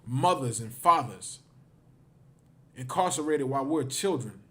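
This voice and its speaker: A man's voice: medium pitch, lively intonation, measured pace, pushed and bright. A man teaching a livestreamed scripture class, emphatic and repetitive, often tagging his phrases with "man". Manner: emphatic, repeats himself, ends phrases with "man".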